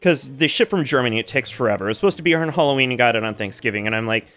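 A man's voice: medium pitch, expressive, very fast, fairly bright tone. A man co-hosting a radio show, telling stories in a chatty, profane way with lots of fillers. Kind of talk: casual chat.

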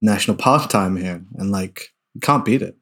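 A man co-hosting a podcast, bantering with jokes and quick back-and-forth. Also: fairly low pitch, a bit bright. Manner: jokey, quick banter, laughing along. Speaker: podcast co-host. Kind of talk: casual chat.

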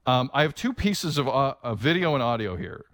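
A man co-hosting a sports talk show, joking and sarcastic in quick banter. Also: mid-range voice, no room sound, studio quality. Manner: jokey, sarcastic, animated.

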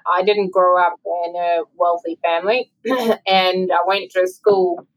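A woman's voice: fairly low pitch, flat delivery, a little slow, low-quality recording. A woman, telling personal stories earnestly as a guest author in an interview. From South Africa. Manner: earnest, heartfelt storytelling. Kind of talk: interview conversation.

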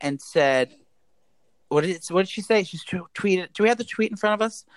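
A man's voice: sits high, lively intonation, a little fast, no echo. A man co-hosting a casual podcast chat from a hotel room, dramatic and gossipy, often trailing off mid-sentence. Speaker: podcast co-host.

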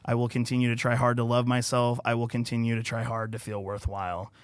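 A man's voice: medium pitch, flat delivery, quick pace, clean tone, dry recording, studio quality. A man who engineers a podcast, speaking earnestly and reading his own heartfelt writing aloud in casual conversation. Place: podcast studio.

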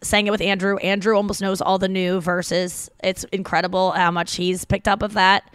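Excitable, rambling woman podcast host. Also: mid-range voice, normal speed, smooth, no echo. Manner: rambling, excitable, crude, laughs easily. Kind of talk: casual podcast chat.

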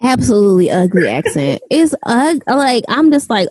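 A woman's voice: a little high, sing-song, normal speed, darkish tone, husky, dry recording. A young woman co-hosting a podcast in casual chat, loose and talkative, full of "like" and "um". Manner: loose and chatty, lots of "like" and "um". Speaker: podcast co-host.

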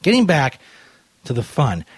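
A man's voice: medium pitch, wildly swooping pitch, unhurried, breathy edge, no echo. A man hosting a prank call show, rambling crudely and loosely while drinking, talking into a studio mic. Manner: profane, loose and tipsy, drifting off topic. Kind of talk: crude rambling radio banter.

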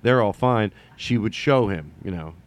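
A man's voice: fairly low pitch, lively intonation, moderate pace. Rambling joking male comedy podcaster. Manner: rambling, self-interrupting, jokey asides and mock voices. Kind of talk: rambling solo comedy monologue.

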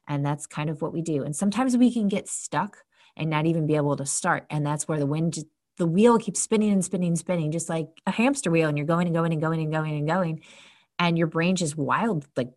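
A woman with a slightly low voice talks casually and earnestly about coping with stress. She chats along freely and slips into little acted-out lines of self-talk. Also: expressive, brisk, darkish tone. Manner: chatty, earnest, acts out inner voices. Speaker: podcast host giving self-help advice.

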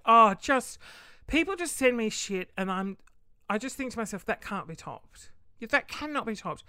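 A young woman telling a story in a casual vlog, animated, swearing freely and laughing often. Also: mid-range voice, clean tone, no room sound, clean studio sound. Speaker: vlogger.

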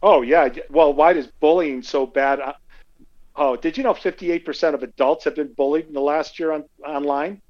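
A male podcast guest telling animated stories and acting out the quotes in them. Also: a little high, normal speed, lo-fi sound. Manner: animated anecdotes, acts out quotes. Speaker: guest speaker. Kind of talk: conversational storytelling.

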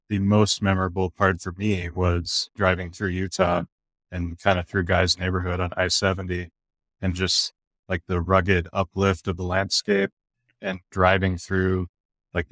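A man's voice: low-pitched, level tone, unhurried, fairly bright tone, dry recording, studio quality. A man from the American Midwest, a photographer, talking casually as a podcast guest with hesitant restarts. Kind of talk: casual interview talk.

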